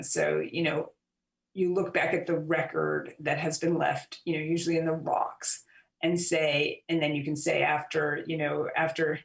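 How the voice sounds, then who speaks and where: A woman author and journalist, a guest in an interview, giving long, measured explanations with frequent fillers. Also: low voice. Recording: roomy and distant from the mic.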